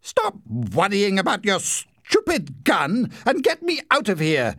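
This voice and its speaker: A man's voice: mid-range voice, huge pitch swings, unhurried, breathy edge, dry recording, clean studio sound, voice pushed up, exaggerated voice. A man voicing a self-important young know-it-all who whines and lectures in a storybook reading. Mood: angry. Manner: haughty, whining, self-important.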